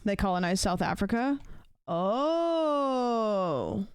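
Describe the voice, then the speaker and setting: Streamer woman, smooth clear voice, dry close mic, chatty and rambling; casual talk to chat. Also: mid-range voice, big pitch swings, very slow, dry recording. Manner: rambling, many fillers, thinks out loud. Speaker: livestreamer. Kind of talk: casual chat with live viewers.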